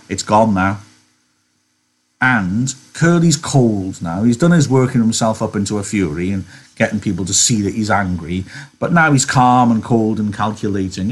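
A man's voice: on the low side, slightly rough. A male teacher giving an online literature lesson, reading aloud and musing conversationally with rhetorical questions.

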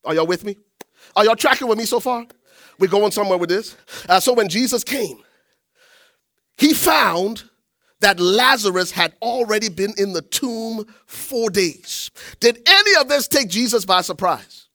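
A pastor preaches with animated call-and-response, his voice high and bright. He keeps pulling the congregation in with questions, and the recording is close and dry without room sound. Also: measured pace, dry recording. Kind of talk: sermon.

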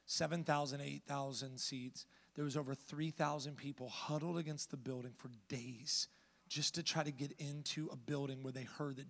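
A man pastor from the United States preaching a sermon, telling a story with animation and then building to loud exhortation. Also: a little high, vocal fry, in a large hall.

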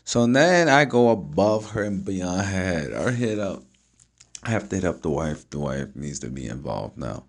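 A man's voice: low-pitched, normal speed. A man talking at home, telling a long story in a casual, slangy, profane way and acting out each person's lines. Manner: animated, profane, slangy, acts out the dialogue.

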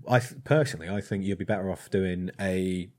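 A blacksmith telling a rambling, hesitant story in casual chat. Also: male voice, sits low, brisk, darkish tone. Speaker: blacksmith and podcast co-host.

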